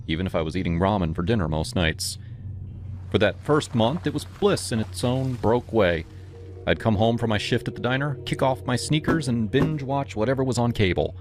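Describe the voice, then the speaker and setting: A man reading a scripted first-person horror story in a dramatic, tense way. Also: low voice.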